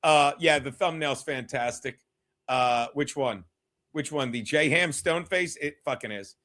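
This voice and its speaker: A man's voice: mid-range voice, measured pace, a bit bright. A man hosting a livestream, rambling and swearing as he thanks viewers and laughs often. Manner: rambling, profane, laughs often between remarks. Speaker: host of a livestreamed comedy show. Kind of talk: casual livestream chat reading viewer donations.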